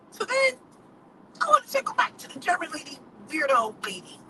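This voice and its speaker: A woman speaks her mind in a high, lively voice that swings up and down. She is outspoken and laughs often, returning again and again to the same rhetorical question. A steady hum and passing traffic sit clearly behind her. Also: a little fast. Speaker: vlogger giving opinions. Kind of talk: casual opinion monologue.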